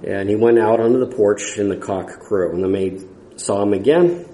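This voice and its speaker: Roomy, mellow-voiced male preacher. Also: lowish voice, a little hiss or hum. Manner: earnest, halting with restarts and fillers. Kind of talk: expository sermon.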